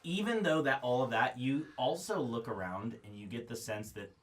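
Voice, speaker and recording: A man's voice: mid-range voice, expressive, fairly bright tone. Thoughtful man game master. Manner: thoughtful, hesitant, drawn-out phrasing. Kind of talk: out-of-character table talk.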